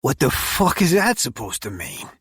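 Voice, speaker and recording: Gruff old mob uncle a guy puts on, husky and pushy, dry close sound. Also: mid-range voice, expressive, a little slow, fairly bright tone, dry recording, voice pushed up, heavily acted. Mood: blustering. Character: gruff older mob uncle, proud and scheming.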